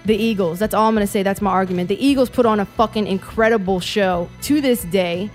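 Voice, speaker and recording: A young woman co-hosting a casual chat, telling a story animatedly and swearing often, acting out quotes loudly. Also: medium pitch, fast, soft background music. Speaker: podcast co-host telling a story.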